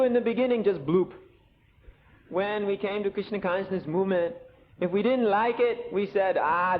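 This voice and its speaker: A man giving a scripture lecture as a sermon, telling it with animated storytelling and sarcastic asides. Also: high-pitched. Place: temple lecture hall. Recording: tinny lo-fi 1980 tape with faint hiss.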